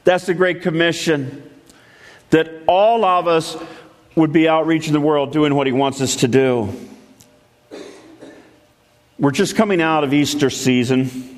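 A man delivers a sermon to his church in a fairly high voice. He takes his time, letting each phrase land. His earnest preaching climbs into emphatic calls, broken by the odd joke at his own expense. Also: fairly even intonation, unhurried, long pauses, big-room sound. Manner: earnest preaching, rising to emphatic calls with self-deprecating asides. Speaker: pastor.

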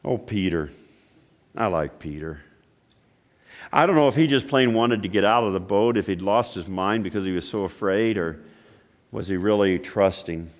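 A man preaching a sermon, telling stories and asking questions, swinging between loud exclaiming and hushed, quiet passages. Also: on the low side, moderate pace, long pauses. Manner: storytelling with repeated restarts and rhetorical questions. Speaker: pastor.

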